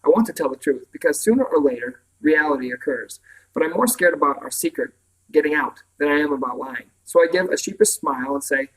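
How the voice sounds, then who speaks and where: A man reading a novel aloud in the first person, telling the story in a calm, even way. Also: fairly high pitch, fairly quick, poor audio. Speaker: audiobook reader. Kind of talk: first-person audiobook narration.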